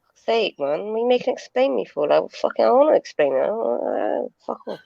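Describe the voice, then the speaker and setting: A woman's voice: a little high, animated, fast, gravelly, mellow, no room sound. A woman joining a livestream panel over a video call, teasing and swearing in casual chat. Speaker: panel guest. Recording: dull lo-fi call audio.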